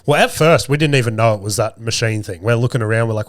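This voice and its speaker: A man's voice: mid-range voice, fast, no echo, studio quality. A man in his thirties with a strained, sore throat, rambling through a profane, self-mocking story as a podcast host. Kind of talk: casual storytelling monologue.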